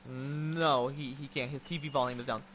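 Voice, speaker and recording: A man hosting a game livestream, chatting loudly and excitably with friends on a voice call, full of slang. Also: mid-range voice, normal speed, muffled recording, a little hiss or hum. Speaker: gaming livestream host. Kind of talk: casual chat with friends on a voice call.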